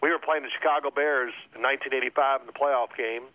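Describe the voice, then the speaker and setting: A man, a former quarterback, telling animated locker-room stories as a radio interview guest. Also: mid-range voice, quick pace, no echo. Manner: animated storyteller acting out coaches' shouting. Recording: tinny phone line.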